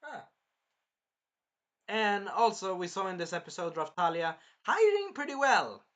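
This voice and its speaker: A man's voice: high-pitched, big pitch swings, a little slow, fairly bright tone. Rambling man reviewing an anime episode. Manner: rambling, swears casually, retells scenes in quoted voices. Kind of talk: casual episode review chat.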